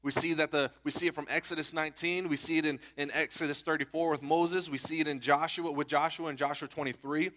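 A man's voice: fairly high pitch, steady tone, fast, few pauses, fairly bright tone. A man in his thirties preaching a sermon in a conversational way, often checking in with the listeners with "okay?" and "right?". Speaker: pastor.

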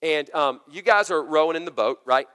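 A man in his thirties preaching a conversational, energetic sermon full of family stories. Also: on the high side, normal speed, clear, resonant tone. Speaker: pastor. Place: church sanctuary. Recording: long hall reverb.

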